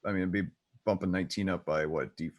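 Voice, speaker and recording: A young man with a very low voice chatting through a tabletop game. He jokes bluntly and teases the others in loose, casual talk. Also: steady tone, fast. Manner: blunt, joking banter. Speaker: player. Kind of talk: casual gaming chat.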